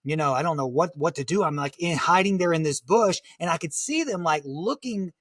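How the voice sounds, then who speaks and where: A man talking through a dramatic survival story in conversation, halting and full of fillers. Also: fairly high pitch, expressive, a bit bright, dry recording, studio quality. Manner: vivid, halting retelling with many "like" fillers. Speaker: guest, motivational speaker.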